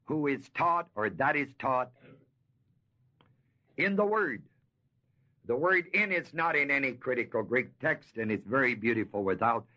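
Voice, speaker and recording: A man teaching Bible verses in a sermon. He talks emphatically, slows down to stress key words and asks the audience questions. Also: medium pitch, sharp tone. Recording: dull lo-fi 1970s tape recording.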